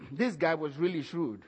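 A man preaching a sermon, calling out to the congregation and shouting at the peaks while acting out the voices he quotes. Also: on the high side, unhurried, breathy edge. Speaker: pastor. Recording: church hall reverb.

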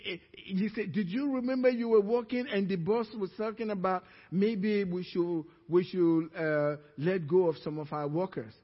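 A middle-aged African pastor delivers a sermon in a high, husky voice, telling a story and acting out other people's lines by raising his pitch. His tone is steady, the pace moderate with few pauses, and the dull audio rings with a long church-hall reverb.

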